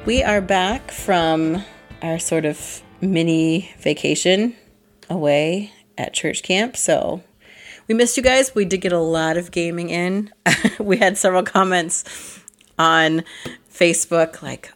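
A woman co-hosting a board game podcast in casual chat, hoarse from allergies, chatty with many fillers and laughs. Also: lowish voice, slow, soft background music. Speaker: podcast co-host.

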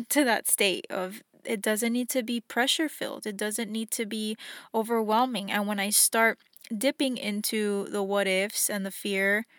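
A young woman hosts a reflective podcast on her own, speaking earnestly and encouragingly and acting out the voices in her head. Her medium-pitched voice is fairly bright, with a steady tone and measured pace. The studio recording is clean and free of echo.

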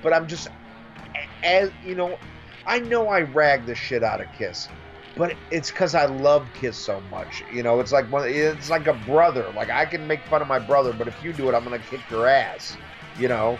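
Animated guy chatting casually, voice jumps all over, cusses a lot, faint music behind. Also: moderate pace, muffled recording. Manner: animated, swearing, mimics others in a high voice. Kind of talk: casual chat.

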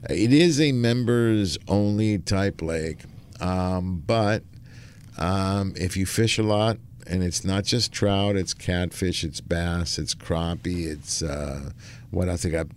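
Low-voiced enthusiastic fishing show host. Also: male voice, slow pace, smooth. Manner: enthusiastic storytelling with fillers. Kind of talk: casual chat.

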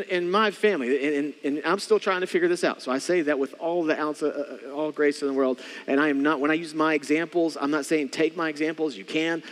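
A man preaching a sermon as a pastor, earnest and repetitive, often dropping to soft quiet tones to stress a point. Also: fairly high pitch, long reverb tail. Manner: earnest, repeats phrases, drops to soft quiet tones for emphasis.

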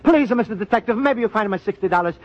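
A gentle Italian immigrant. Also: male voice, sits high, expressive, fast. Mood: earnest, worried. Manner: broken English, polite and pleading. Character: earnest Italian immigrant man, gentle and naive. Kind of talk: 1940s radio acting. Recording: dull lo-fi old radio recording with hiss.

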